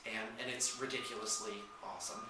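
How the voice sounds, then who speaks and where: A man hosts a casual morning show, chatting with playful, theatrical outbursts in an indoor room with a whiteboard. His voice is on the low side, steady and fairly quick. The recording sounds distant and echoey, with a noisy background.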